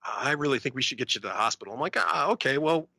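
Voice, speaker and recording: A man tells a story on a podcast, his pitch jumping all over as he acts out the other people in it. His voice is bright and lively, and the mic is close and dry. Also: quick pace, vocal fry, no room sound. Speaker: podcast co-host. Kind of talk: casual storytelling.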